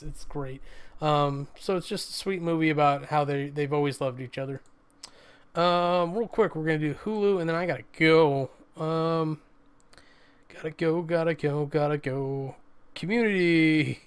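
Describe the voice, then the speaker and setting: A man's voice: fairly high pitch, smooth. A man hosting a web show, chatting casually about what he has watched, rambling with lots of fillers and some swearing. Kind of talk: casual review chat.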